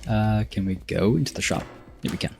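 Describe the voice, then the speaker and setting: A man's voice: lowish voice, brisk, creaky, darkish tone, a little hiss or hum. A man chatting casually while live-streaming a game, rambling and joking about himself with small stumbles.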